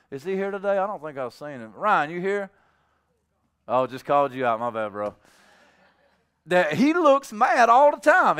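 Male pastor, sermon in church, animated and chatty, slightly high voice, smooth and resonant. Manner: animated, conversational, acts out little dialogues.

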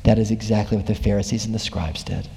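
A man's voice: lowish voice, quick pace, slight background noise. A man preaching a sermon, retelling a story with growing animation. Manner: animated storytelling, voice rising with excitement. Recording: long hall reverb.

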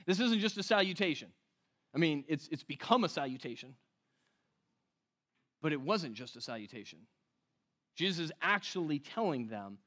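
A man preaching a sermon in a conversational way, often asking the room questions and slowing down to stress key words. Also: a little high, very animated, a bit bright. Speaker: pastor.

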